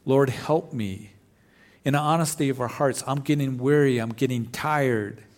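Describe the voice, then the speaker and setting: A man's voice: mid-range voice, fairly even intonation, normal speed. A man, a pastor preaching a sermon with scripture readings in an earnest, plain-spoken way.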